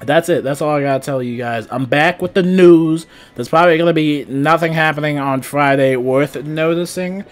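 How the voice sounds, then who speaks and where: A man's voice: on the high side, moderate pace, few pauses, faint music behind. A young man casually chatting about game news on his channel, rambling with lots of fillers and restarts. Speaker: gaming YouTuber. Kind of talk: casual gaming news chat.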